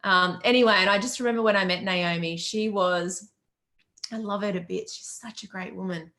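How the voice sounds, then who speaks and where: An upbeat middle-aged Australian woman hosting a live question-and-answer stream, chatting freely and greeting viewers by name. She talks like a business coach, warm with encouragement and quick to laugh. The sound is that of a laptop mic on a video call. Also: mid-range voice, fairly even intonation. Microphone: webcam or laptop mic on a video call.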